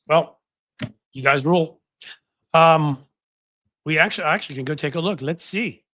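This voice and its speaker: Here a man with a higher-leaning, fairly bright voice talks at normal speed, recorded on a desk microphone without echo. Hosting a relaxed political live stream, he rambles and chats with his audience, dropping plenty of fillers and starting over often.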